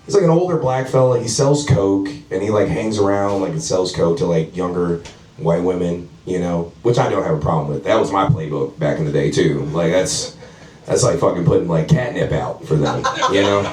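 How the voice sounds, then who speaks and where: A man's voice: deep voice, moderate pace, a little mellow, a little hiss or hum. Guy doing stand-up at a house show, swears a lot, laughs thru his own bits, roomy sound, kinda far from the mic. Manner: profane, rambling, laughing through lines. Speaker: stand-up comedian. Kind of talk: stand-up comedy set. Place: house comedy show, indoors. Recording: roomy live venue, mic from afar.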